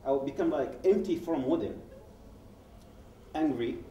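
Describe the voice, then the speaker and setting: A man's voice: fairly high pitch, unhurried, a little hiss or hum. Man telling his story in a roomy hall. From Yemen. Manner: animated, acts out quoted dialogue, frequent restarts. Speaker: guest speaker at a public event. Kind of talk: personal testimony told as a story. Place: event hall. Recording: roomy hall, speaker far from mic.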